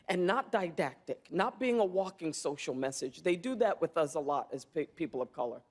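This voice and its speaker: Slow, reflective woman in her fifties. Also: lowish voice, a little mellow. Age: 50s. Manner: reflective, earnest, with thoughtful pauses and fillers. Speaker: award-winning actress answering press. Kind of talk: press room interview answers. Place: awards press room.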